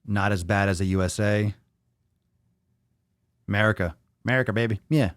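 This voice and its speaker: A man's voice: on the low side, normal speed, smooth, no echo, studio quality. A young man hosting a casual livestream podcast, rambling and swearing freely as he throws questions to his viewers. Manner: rambling, profane, asks the audience questions. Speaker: podcast host.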